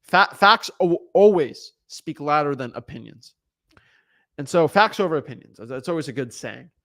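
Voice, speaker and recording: A young man giving an energetic motivational talk as a real estate coach, emphatic and often asking "right?". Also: fairly high pitch, moderate pace. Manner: emphatic, repeats words, asks "right?" often.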